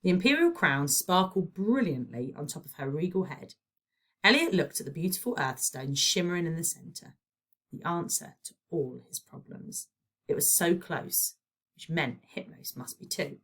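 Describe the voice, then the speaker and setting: A woman with a British accent, a primary school teacher, reading a children's novel aloud with expressive storytelling. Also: low-pitched, normal speed. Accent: British English.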